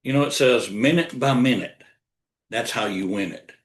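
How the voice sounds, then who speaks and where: A man's voice: medium pitch, moderate pace. An older man giving a motivational sales coaching talk, repeating key lines for emphasis. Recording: roomy echo.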